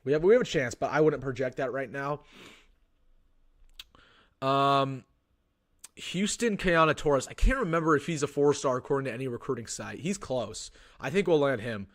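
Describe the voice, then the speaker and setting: A man's voice: medium pitch, lively intonation, moderate pace, a bit bright. A young man hosting a casual sports live stream, thinking aloud with frequent restarts and ums. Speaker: sports livestream host.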